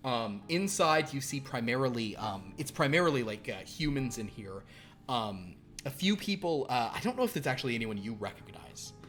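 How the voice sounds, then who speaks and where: A man's voice: mid-range voice, sing-song, moderate pace, fairly bright tone, soft background music. A man narrating as game master in a tabletop horror game, with a loose manner full of fillers.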